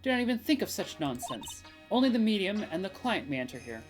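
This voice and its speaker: A woman's voice: mid-range voice, big pitch swings, brisk, faint music behind, pitched above the performer's own voice, natural voice. A woman voicing a cold, stern woman spirit medium who speaks in a stiff, formal, haughty way, reading game dialogue. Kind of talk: game dialogue read aloud.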